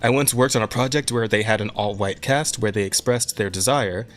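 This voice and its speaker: A man's voice: on the low side, a little fast. A man hosting a casual podcast, reading listener questions, laughing often and swearing freely. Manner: laughs a lot, profane, reads listener questions. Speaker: podcast host.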